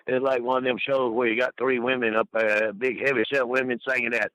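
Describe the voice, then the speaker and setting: A man's voice: medium pitch, little pitch movement, brisk, hardly any pauses, sharp tone, clean tone, no room sound, low-quality recording. An older man telling colorful stories as an interview guest, folksy and rambling, laughing at his own tales. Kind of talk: rambling anecdotal storytelling.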